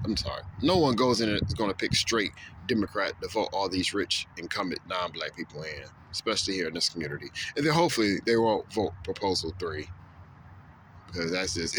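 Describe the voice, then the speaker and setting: A man's voice: fairly low pitch, fairly bright tone, slight background noise. A man talking straight to camera in a casual opinion monologue, repeating himself with stammered restarts and acting out quoted voices. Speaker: video blogger.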